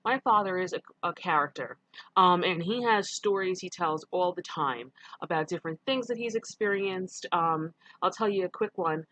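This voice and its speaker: Her voice sits on the low side, fairly bright and at a moderate pace, with no room sound at all. A middle-aged teacher from New York, she talks through a recorded online lecture conversationally, often stopping to fix what she said with an um.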